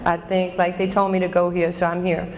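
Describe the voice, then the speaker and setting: A woman's voice: on the low side, monotone, a little fast, big-room sound, background noise, pitched below the performer's own voice, lightly acted. A woman putting on a brash New York teenage girl. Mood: cocky. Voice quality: thick, tough street drawl.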